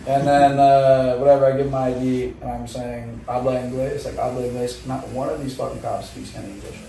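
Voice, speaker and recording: A man telling a wild story in casual talk, animated and swearing, laughing often. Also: medium pitch, a little fast, vocal fry, heavy reverb, far from the mic, slight background noise, rough recording. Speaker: guest motorcycle rider.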